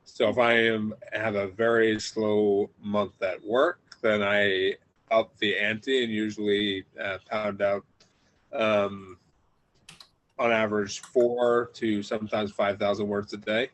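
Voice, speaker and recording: A man's voice: fairly low pitch, little pitch movement, slow pace, a bit bright, low-quality recording. A man guesting on a podcast as an author, talking in an easygoing, rambling way. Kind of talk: casual podcast interview.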